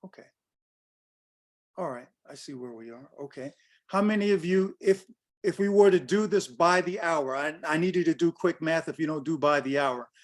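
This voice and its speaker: A man's voice: on the high side, moderate pace. An older man giving a blunt, direct workshop talk over a video call, questioning his audience. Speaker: guest speaker on pricing.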